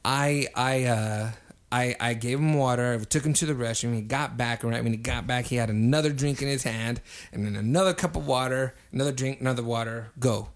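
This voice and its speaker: A young man telling a story in casual podcast chat, animated, swearing freely and getting loud when acting out quotes. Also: mid-range voice, a little fast. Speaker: podcast co-host.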